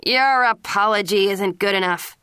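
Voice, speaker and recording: A woman's voice: medium pitch, lively intonation, a little slow, bright, forceful tone, clean tone, no echo, clean studio sound. A woman reading the lines of a harsh police-chief father who berates his son. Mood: angry.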